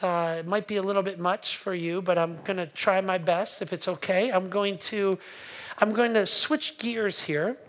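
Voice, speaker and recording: Earnest male pastor preaching. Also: high-pitched. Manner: earnest storytelling, slow emphatic pauses, asks the congregation. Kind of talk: sermon.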